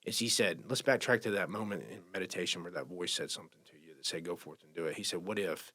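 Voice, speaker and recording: A man talks through a personal story in a low, unpolished voice. He speaks haltingly and with feeling, often repeating himself and starting over mid-sentence. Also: sharp tone. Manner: emotional, halting, many restarts. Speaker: podcast guest sharing recovery story. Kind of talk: casual storytelling.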